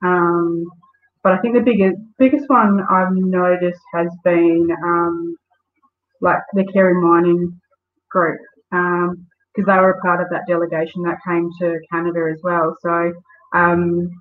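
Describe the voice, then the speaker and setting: A woman's voice: lowish voice, flat delivery, measured pace. Woman guest, chatty storyteller, heard over a thin phone-like video call. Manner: storytelling, lots of fillers. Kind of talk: casual interview. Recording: tinny phone-like call audio.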